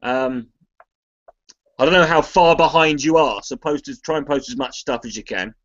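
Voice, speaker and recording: A man's voice: mid-range voice, normal speed, fairly bright tone. An Englishman chatting casually to a live stream audience, rambling, restarting his sentences and swearing freely. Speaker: charity livestream contributor. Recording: slightly muffled lo-fi stream audio.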